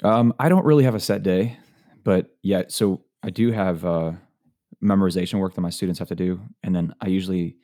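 Male teacher co-host, deep and warm, laid-back chat with a sleepy edge. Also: fairly quick. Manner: relaxed, easygoing, thoughtful with fillers. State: sleepy, early morning. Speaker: podcast co-host, high school teacher. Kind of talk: casual chat.

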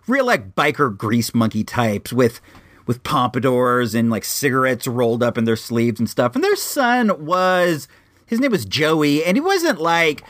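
A middle-pitched man in his forties, from Illinois, spins a loose personal story, circling back and restarting phrases. His voice sits close and dry, with no room sound at all. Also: measured pace, dry recording. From Illinois, USA. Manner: rambling, frequent restarts, animated. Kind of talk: casual spoken anecdote.

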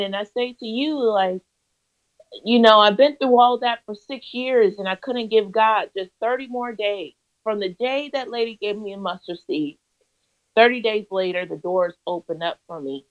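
A woman's voice: mid-range voice, moderate pace. Woman guest, earnest and emphatic, kinda preachy rhythm, slightly dull lo-fi sound. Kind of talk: interview storytelling.

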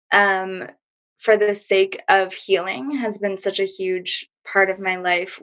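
A woman speaking as a podcast guest, thoughtful and hesitant, often pausing on fillers. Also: medium pitch, fairly bright tone. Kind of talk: reflective interview talk.

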